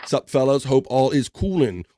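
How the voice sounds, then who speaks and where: A man's voice: mid-range voice, very animated, normal speed, very noisy. A man hosting a casual livestream, reading viewer comments aloud and joking along, laughing often. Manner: jokey, laughs often, reads chat aloud. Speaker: livestream host.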